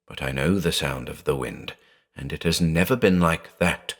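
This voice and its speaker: A man's voice: extremely low pitch, moderate pace. A man voicing a terrified old blind man who reasons anxiously, then breaks into frantic shrieks. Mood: fearful. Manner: fearful, rising to frantic shrieks.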